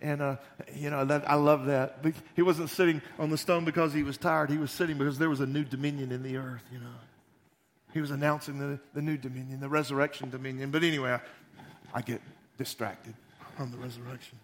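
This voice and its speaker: A pastor giving a sermon, retelling scripture in a folksy, animated way with joking asides. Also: male voice, medium pitch, brisk.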